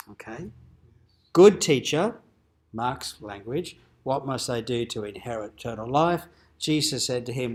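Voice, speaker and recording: A man, a dean, giving an informal teaching lecture at a cathedral forum, explaining in a conversational way and lifting his voice for quoted lines. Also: medium pitch. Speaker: dean presenting an adult education forum.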